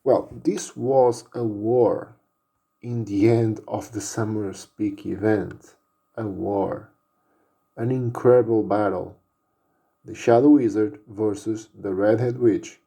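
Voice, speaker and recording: A man narrating an action story casually, unhurried, with fillers. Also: on the low side, steady tone, vocal fry, warm tone.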